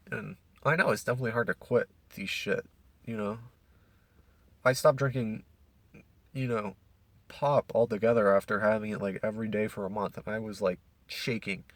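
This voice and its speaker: A man's voice: on the low side, no room sound. A young man from Canada ranting casually as a podcast host, profane and rambling with many restarts.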